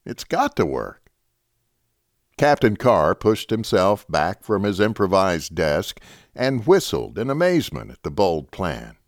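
A man's voice: deep voice, sing-song, unhurried, no echo, clean studio sound. A man reading a story aloud as narrator.

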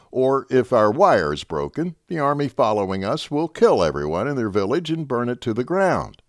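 A man's voice: medium pitch, no echo, clean studio sound. A man voicing an eager young army lieutenant, earnest and stammering over his plan.

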